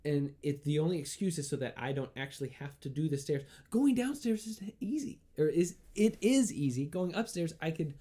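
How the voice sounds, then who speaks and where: A man's voice: a little high, lively intonation, moderate pace, few pauses. A man co-hosting a comedy podcast in casual chat, rambling and laughing often. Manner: rambling, laughs often, acts out his thoughts in a hushed voice. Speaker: podcast co-host.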